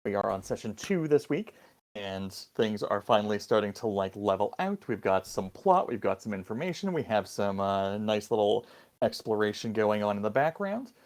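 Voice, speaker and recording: A man's voice: lowish voice, sing-song, normal speed, a little mellow. Easygoing male game master. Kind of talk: hosting a tabletop game stream.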